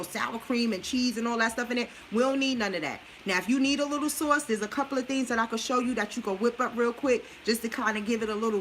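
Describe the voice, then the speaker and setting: Bright-voiced woman coaching viewers while cooking. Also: on the high side, a little hiss or hum, poor audio. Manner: chatty, coaching, talks straight to viewers. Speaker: busy mom sharing a meal plan. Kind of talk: casual cooking livestream.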